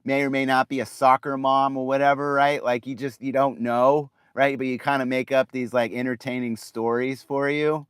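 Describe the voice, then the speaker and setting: A man's voice: mid-range voice, little pitch movement, normal speed, few pauses, clean tone, no room sound, clean studio sound. A middle-aged man ranting casually about automated phone lines, rambling, restarting and asking "right?" after nearly every point. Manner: rambling, repeats words, says "right?" often. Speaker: vlogger.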